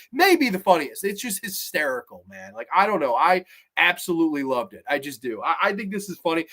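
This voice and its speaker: Excitable, high-voiced horror show host. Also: male voice. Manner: excitable, profane, laughing often; reads viewer comments aloud. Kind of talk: casual livestream review chat.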